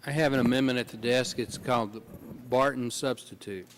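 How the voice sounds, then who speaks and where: A man's voice: medium pitch, fairly quick, slight background noise. Folksy man at a hearing. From Texas. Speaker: committee member. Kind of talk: formal hearing remarks.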